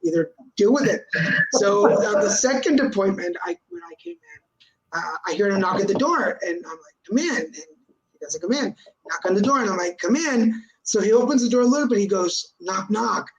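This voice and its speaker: A man's voice: sits high, animated, brisk, creaky, a loud crowd, low-quality recording. A man hosting a live video chat, telling a funny story in a sarcastic, joking way and dropping in Spanish words. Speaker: host. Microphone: video call.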